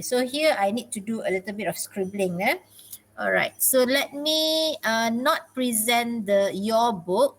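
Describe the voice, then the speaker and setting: A woman teaching grammar in an online class, encouraging and peppering her speech with "okay". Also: fairly high pitch. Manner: encouraging, frequent "okay" and laughs. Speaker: English teacher.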